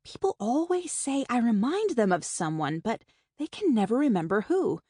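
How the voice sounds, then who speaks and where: A mellow, husky woman with a fairly high pitch and big pitch swings reads at normal speed. She narrates a first-person audiobook wryly and conversationally, close to a studio mic with no echo.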